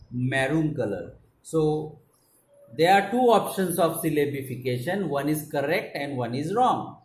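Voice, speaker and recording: A man with an Indian English accent teaching an online English class, explaining step by step and often saying "okay". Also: fairly high pitch. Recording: echoey room, faint background noise.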